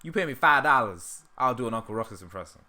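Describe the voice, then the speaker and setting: A man's voice: medium pitch, animated, fast, pushed and bright. A man hosting a casual livestream, laughing often and joking about himself, with a dry throat. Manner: laughs often, self-deprecating. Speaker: livestream host.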